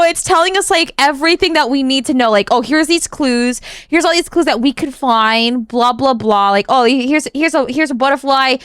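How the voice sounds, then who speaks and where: A woman streamer giving casual reaction commentary, excitable and swearing, often asking "you know what I mean". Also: high voice, normal speed, hardly any pauses, clear, resonant tone, dry recording, clean studio sound.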